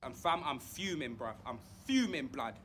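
A man's voice: medium pitch, very animated, moderate pace, heavy background noise, lightly acted. A man putting on a furious young London football fan who rants in street slang. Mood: fuming.

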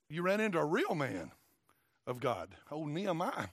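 A man with a Tennessee accent preaching a sermon in a folksy, emphatic way, dropping low for asides and rising to shouts. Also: very animated, moderate pace, no echo, studio quality. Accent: Southern US, Tennessee.

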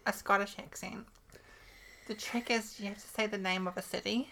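A woman co-hosts a relaxed podcast, her voice carrying a gravelly fry. She talks at mid pitch with dry, wry understatement. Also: moderate pace, slight background noise. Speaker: podcast co-host. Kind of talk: casual chat.

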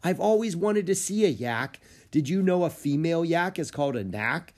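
A man voicing an eager young girl who loves animals, with an excited, exclaiming manner. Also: fairly high pitch, moderate pace, pitched above the performer's own voice, close to an everyday voice.

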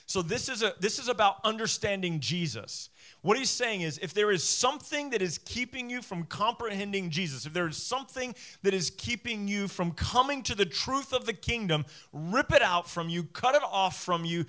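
Animated bright-voiced male pastor preaching. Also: high-pitched, moderate pace. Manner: animated, self-deprecating, acts out voices. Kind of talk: sermon. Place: church stage before a congregation.

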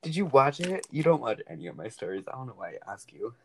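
A man's voice: mid-range voice, big pitch swings, quick pace, a little hiss or hum. A young man co-hosting a podcast, telling rambling stories in a casual chat and laughing often, recorded over a call. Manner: rambling, giggly storytelling. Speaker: podcast co-host.

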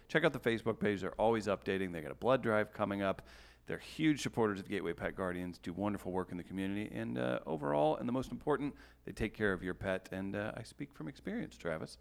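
A man with a low, gravelly voice hosts a casual podcast. He teases dryly and reads sponsor plugs in a loose, off-hand way. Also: animated, quick pace. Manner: dry teasing, reads sponsor plug. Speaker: podcast host. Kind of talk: casual chat.

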